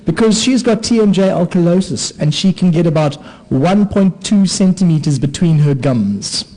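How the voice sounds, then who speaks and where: A man tells comic stories about himself to a live audience. His voice sits fairly high, and he delivers the talk with animated, self-deprecating asides and playful sound effects. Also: moderate pace, rough recording. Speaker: conference speaker, anaesthetist. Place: conference hall with an audience.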